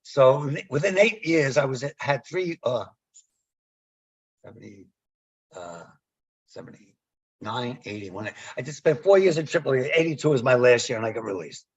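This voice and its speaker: A man's voice: mid-range voice, moderate pace, long pauses, breathy edge, highs cut off. A man, a former umpire, telling stories in a podcast interview and acting out the dialogue. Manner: animated storyteller, acts out quoted dialogue.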